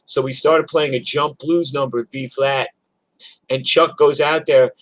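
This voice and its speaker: A man's voice: medium pitch, fairly even intonation, unhurried, dry recording, rough recording. Older new york guy telling stories live, rambly and swearing a lot. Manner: rambling, profane, chatty with restarts. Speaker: musician telling stories on a livestream. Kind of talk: casual storytelling.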